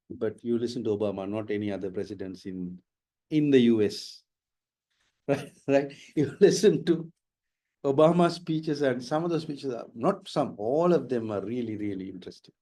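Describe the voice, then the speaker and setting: A man's voice: mid-range voice, dark tone. A man, teaching in a webinar and answering questions with emphatic, explanatory talk that repeats key words. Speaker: IELTS trainer. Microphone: online webinar mic.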